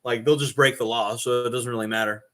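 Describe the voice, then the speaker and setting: Sex: man. Role: host. Style: casual monologue. Pitch: mid-range. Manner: rambling, restarting often. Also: steady tone, fast talker, a bit bright. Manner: rambling, many fillers and restarts, laughs at own jokes.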